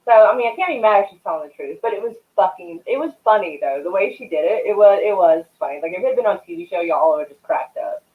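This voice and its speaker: A young woman hosts a casual live stream, rambling and swearing as she chats with her viewers. Her voice swoops up and down with lively animation. The audio is thin and tinny, like a phone line. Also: lowish voice, quick pace, hardly any pauses. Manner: rambling, chatty, swears freely, greets chat viewers. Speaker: livestream host.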